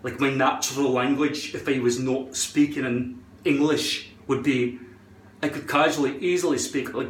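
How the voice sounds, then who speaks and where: A man's voice: mid-range voice, steady tone, moderate pace, slight background noise. A man talking in a put-on Scottish accent, rambling and joking with a lot of swearing while he gives a hairpiece tutorial at home. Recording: roomy echo.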